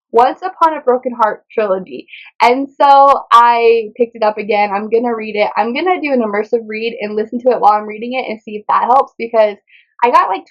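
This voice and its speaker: A woman's voice: on the high side, dull audio. A woman chatting casually through a book haul in a rambling way, often tripping over titles and author names. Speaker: book vlogger.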